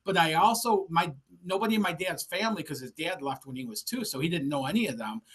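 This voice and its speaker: Husky man sharing an anecdote. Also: a little high, animated, fast, fairly bright tone. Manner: rambling anecdote, chuckling. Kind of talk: casual chat.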